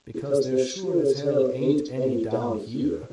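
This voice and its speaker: A man voicing an aging, irreverent male scientist who talks slowly and deliberately, unbothered by authority. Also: medium pitch, fairly even intonation, natural voice. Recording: very echoey room with crowd noise.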